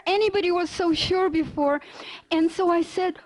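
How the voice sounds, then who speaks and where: A woman giving a lecture, telling a personal story in a lively way and acting out the dialogue. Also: very high-pitched, normal speed, poor audio. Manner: animated, acts out quoted dialogue. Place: lecture hall.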